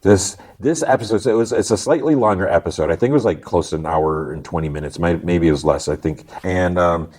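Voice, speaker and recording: A man with a low, slightly husky voice talks through a TV episode scene by scene. He rambles, restarts his sentences and keeps retelling the dialogue in a loose, casual podcast style. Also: brisk, hardly any pauses, darkish tone. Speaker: podcast host.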